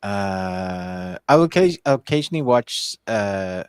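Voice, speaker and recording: Blunt, opinionated man, lowish voice. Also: animated, normal speed, no room sound. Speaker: podcast co-host. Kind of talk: casual chat.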